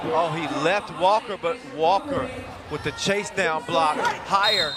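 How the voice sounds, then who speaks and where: Excitable male sports commentator over crowd. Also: a little high. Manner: quick, jokey, excitable calls. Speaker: play-by-play commentator. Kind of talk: live basketball commentary. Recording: loud crowd behind.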